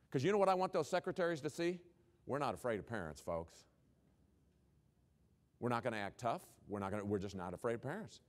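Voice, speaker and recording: Rapid-fire folksy male keynote speaker. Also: medium pitch. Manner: punchy rhetorical questions, folksy humor. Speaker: education speaker, former principal. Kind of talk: conference keynote talk.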